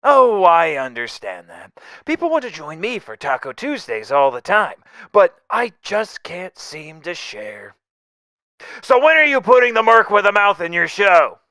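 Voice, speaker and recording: A man voicing a wisecracking, unhinged male mercenary in a fan audio drama, jokey and manic, swinging between whispers and shouts. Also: high-pitched, sing-song, a little slow, no room sound, studio quality, heavily acted. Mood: manic teasing.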